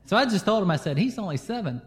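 A man, a pastor telling a lively personal story in a sermon and chuckling through it. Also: sits high, fast talker. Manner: animated storyteller, laughs through his own anecdotes. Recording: long hall reverb.

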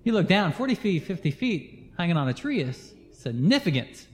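A man, a pastor telling a lively personal story in a sermon and chuckling through it. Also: high-pitched, normal speed. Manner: animated storyteller, laughs through his own anecdotes. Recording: long hall reverb.

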